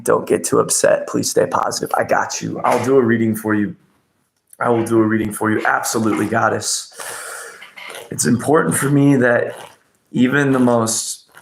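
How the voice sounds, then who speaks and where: Gravelly-voiced man ranting casually. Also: medium pitch, echoey room. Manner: ranting, profane, rambling, talks to chat with pet names. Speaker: livestream host doing oracle card readings. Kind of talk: casual livestream chat.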